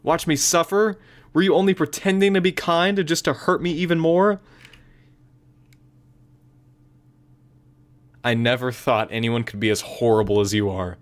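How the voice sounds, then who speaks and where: A man's voice: on the high side, brisk, close to an everyday voice. Monika, a sweet girl club president, read by a man. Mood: anguished. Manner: gentle, self-conscious, later pleading. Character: young female club president, sweet, possessive. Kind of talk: reading game dialogue aloud.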